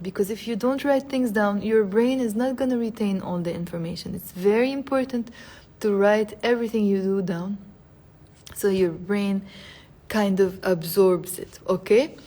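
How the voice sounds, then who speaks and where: A woman with a Lebanese accent teaching Arabic expressions in a live online lesson, chatty and animated, repeating phrases slowly for her learners. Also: medium pitch. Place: indoors, streaming live to social media.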